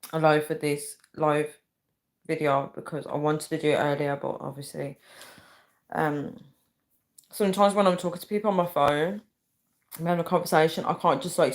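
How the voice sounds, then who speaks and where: A young woman chatting casually on a live stream, rambling and reading viewer comments aloud. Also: deep voice. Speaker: livestreamer.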